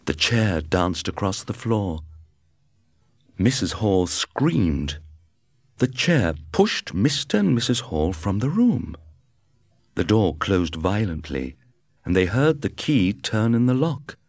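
A man narrating a storybook in a measured reading voice. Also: on the low side, sing-song, no echo. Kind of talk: scripted narration.

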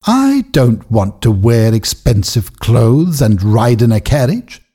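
A man's voice: mid-range voice, very animated, slow pace, mellow, slightly rough, heavily acted. A man voicing a firm, loyal young village woman in a storybook reading, speaking with resolve.

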